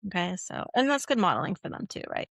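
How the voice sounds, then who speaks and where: A woman's voice: on the low side, very animated, fast talker, gravelly, no echo. Chatty woman expert with dry sound. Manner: chatty, frequent "right?" and "okay?", acts out quoted lines. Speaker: guest expert on puberty education. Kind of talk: conversational podcast interview.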